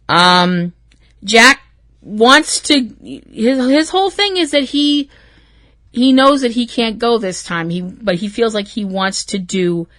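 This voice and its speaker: A woman's voice: medium pitch, bright, forceful tone, no room sound. A woman hosting a podcast, recapping an episode in a rambling, emotional way with plenty of swearing. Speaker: podcast host.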